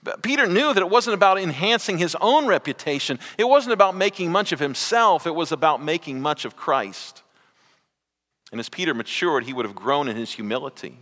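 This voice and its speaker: A pastor preaches a sermon to his congregation in a bright, forceful, animated voice that leaps high and drops low. He swings from loud, drawn-out phrases to hushed asides, and the hall adds a long reverb.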